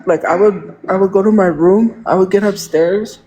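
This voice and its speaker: A woman's voice: mid-range voice, steady tone, normal speed, warm tone, slight background noise, poor audio. A woman talking on a phone livestream in an emotional, rambling way, leaning on "like" a lot. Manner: emotional, rambling, heavy use of "like". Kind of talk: casual livestream monologue.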